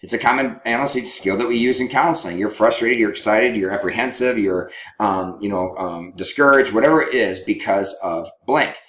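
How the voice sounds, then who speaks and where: A man's voice: on the low side, brisk, hardly any pauses, a bit bright. A man who works as a counselor, teaching in a conversational way and often checking in with his listeners. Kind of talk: teaching talk on couples communication. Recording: roomy echo.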